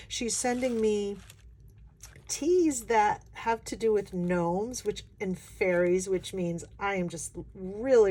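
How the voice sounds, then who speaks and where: A woman chatting casually as a craft vlogger, gushing and excited, often gasping as she unboxes. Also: medium pitch.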